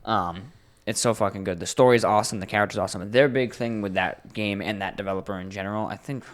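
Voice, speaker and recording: Laid-back young man, lower voice. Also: fast talker. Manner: laid-back, swears a lot, tells stories animatedly. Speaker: podcast co-host. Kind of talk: casual chat.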